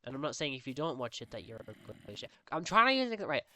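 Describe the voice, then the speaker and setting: Bright chatty young woman vlogger. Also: sing-song, fast talker, dry recording. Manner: rambling and chatty, acting out quoted dialogue in a higher voice. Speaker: Minecraft roleplay vlogger. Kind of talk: casual voiceover chat.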